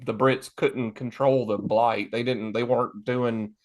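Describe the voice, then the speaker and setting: A man's voice: mid-range voice, fairly even intonation, a little slow. Rambling, cursing male podcast co-host. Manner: rambling, restarts, swears casually. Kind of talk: casual podcast chat.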